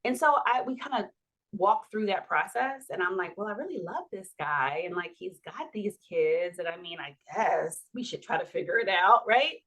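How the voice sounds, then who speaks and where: A woman in her forties, guesting on a podcast, tells a personal story in a mid-range voice at a moderate pace. She's animated, laughs often, and acts out the dialogue she quotes.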